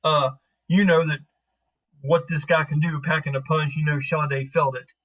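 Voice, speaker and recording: A man's voice: a little high, level tone, normal speed, fairly bright tone, low-quality recording. A man narrating as game master in a tabletop game, casual and rambling with lots of fillers.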